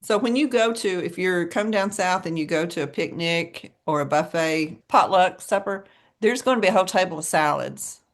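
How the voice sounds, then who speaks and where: A chatty woman with a Southern US drawl co-hosts a podcast. Her voice sits on the lower side, and she tells her stories with plenty of laughter. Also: moderate pace. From American South. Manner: chatty storyteller, laughs often. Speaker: podcast co-host. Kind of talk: casual chat.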